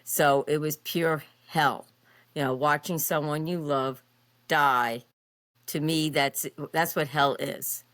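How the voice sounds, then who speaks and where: A podcast guest in her fifties tells her personal story in an expressive, animated way, using frequent fillers. Her voice sits low, her pace is slow, and the recording is dry.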